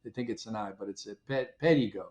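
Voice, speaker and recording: Older guy founder chatting on a podcast, animated, plays out old conversations as he goes. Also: lowish voice, fast. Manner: animated storyteller, acts out his own past dialogue. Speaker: company founder, interview guest. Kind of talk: casual interview storytelling.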